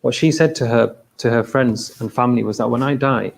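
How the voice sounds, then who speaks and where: A man's voice: mid-range voice, a little fast, creaky, poor audio. A man giving an informal religious talk at a mosque. He speaks conversationally, repeats phrases and keeps checking in with his listeners.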